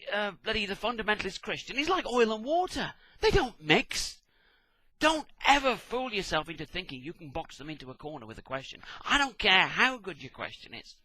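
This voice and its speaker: A man's voice: on the high side, bright, forceful tone, rough recording. Sarcastic British man ranting. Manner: sarcastic, exasperated, swears often. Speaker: vlogger. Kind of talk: ranting comic monologue.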